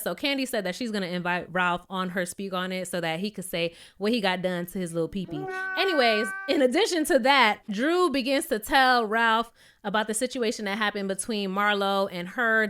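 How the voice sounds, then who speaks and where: A woman giving a sassy, blunt, casual recap of a reality show, with animated asides. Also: medium pitch, smooth.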